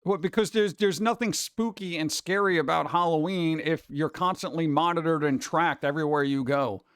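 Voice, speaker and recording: Male streamer, casual and animated, clear resonant tone, dry close mic. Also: on the high side, normal speed, dry recording. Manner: animated, chatty, slips into mock voices. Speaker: streamer host. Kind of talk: casual chat with viewers.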